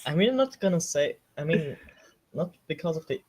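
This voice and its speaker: Husky-voiced man, tabletop player. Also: a little high, lively intonation, normal speed, darkish tone. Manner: dry, blunt remarks, reads rules aloud. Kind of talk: casual tabletop game chat.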